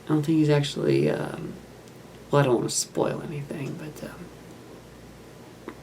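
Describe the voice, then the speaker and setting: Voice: mid-range voice, big pitch swings, unhurried, noisy background. A host giving casual running commentary over a film while building a model kit. They ramble in an offhand, self-mocking way.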